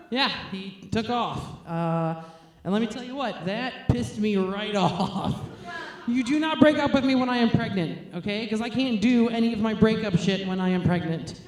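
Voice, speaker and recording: A woman's voice: medium pitch, darkish tone. Woman comic, frank and filthy, laughing at herself, recorded in an echoey club. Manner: crude, blunt and self-mocking; laughs between lines. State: nursing a baby on stage. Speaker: stand-up comic. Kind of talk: stand-up set. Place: comedy stage, roomy venue. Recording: roomy live venue recording.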